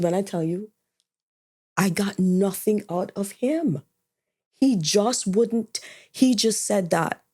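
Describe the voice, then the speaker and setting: On a podcast she co-hosts, a woman with a warm, fairly low-pitched voice openly recounts something from her own life, performing the conversations as she goes.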